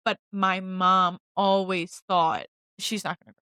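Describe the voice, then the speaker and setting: A woman's voice: fairly low pitch, slow pace, smooth, dry recording. Chatty young woman telling stories. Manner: animated storytelling, acts out quoted people. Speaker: co-host. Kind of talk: casual chat.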